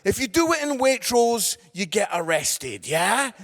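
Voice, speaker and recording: A man in his fifties doing stand-up storytelling on stage, animated, with quick "yeah?" asides to the crowd. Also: high-pitched, big-room sound. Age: 50s. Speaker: comedian and evangelist. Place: live venue before an audience.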